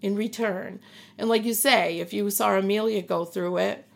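A woman's voice: medium pitch, fairly even intonation, moderate pace, vocal fry. A middle-aged woman, a podcast guest and the host's mother, speaking earnestly and reassuringly in an emotional conversation, often repeating herself for emphasis.

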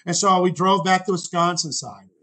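A man's voice: sits high, normal speed, bright, forceful tone, low-quality recording. A man in his sixties, a guest telling a long personal story in conversation, rambling and correcting himself as he goes. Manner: rambling, self-correcting anecdotes; acts out quoted voices.

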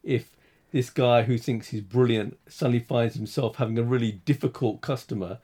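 A man co-hosting a talk show, giving halting, critical opinions with many restarts. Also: mid-range voice, fairly even intonation, warm tone, slightly rough. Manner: halting, restarts, rising when frustrated. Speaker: podcast co-host. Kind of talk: casual critical discussion.

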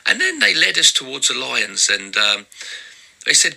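A man's voice: fairly low pitch, very animated, normal speed, creaky, pushed and bright, poor audio. A man hosting a podcast as a minister, telling a personal story in a chatty, humorous way. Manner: chatty and humorous, with many fillers. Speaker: podcast host and Christian minister.

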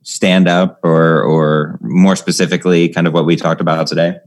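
A man hosting an interview, asking relaxed, somewhat hesitant questions about stand-up comedy. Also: sits low, normal speed. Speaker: podcast host.

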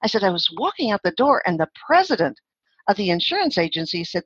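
Older female guest, husky, lively storyteller; muffled lo-fi audio. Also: mid-range voice, fast talker, no echo. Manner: chatty, laughing, acts out quoted voices. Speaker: guest, phone-skills trainer. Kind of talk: podcast interview storytelling.

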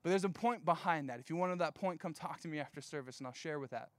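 A young man giving a casual sermon, reading scripture and telling jokey stories, slowing down to stress key points. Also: fairly high pitch, a bit bright, no room sound. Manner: conversational, jokey asides, slows down for emphasis.

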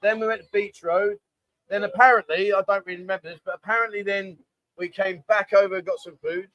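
High-voiced man hosting a rambling livestream. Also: steady tone, quick pace, no echo, lo-fi sound. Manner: rambling, jokey, reads out viewer comments. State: hungover. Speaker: livestream host. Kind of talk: casual chat. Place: bar, indoors, construction banging nearby. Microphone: microphone.

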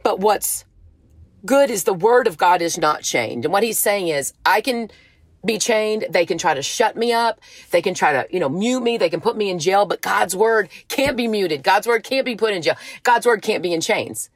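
A woman's voice: medium pitch, animated, moderate pace, no room sound. A woman giving an earnest, emotional devotional talk, reading scripture and urging her listeners on. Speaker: faith speaker.

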